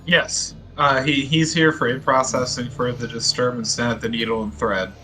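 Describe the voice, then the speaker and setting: A man playing a tabletop game, answering in character with hesitant, quiet replies. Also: mid-range voice, fairly even intonation, normal speed, soft background music. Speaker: player. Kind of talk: casual tabletop role-play.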